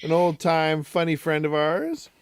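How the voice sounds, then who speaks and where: A podcast co-host speaks slowly, with a voice that swings widely in pitch, recorded in a dry, close setting. They mostly chime in with short reactions and laugh easily. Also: lively intonation, no echo. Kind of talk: casual chat.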